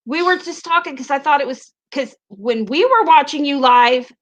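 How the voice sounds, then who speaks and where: A woman's voice: high-pitched, expressive, normal speed, lo-fi sound. A chatty woman with an Ozarks accent who hosts a casual livestream, giggling often and reading viewer comments aloud into a webcam mic. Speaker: livestream host.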